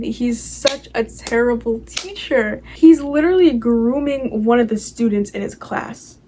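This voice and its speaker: Young woman yapping about a show, kinda high mellow voice, says like a lot. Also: measured pace, few pauses, slight background noise, poor audio. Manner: rambling, full of "like" and "you know". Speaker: vlogger recapping a TV show. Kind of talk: casual chatty recap.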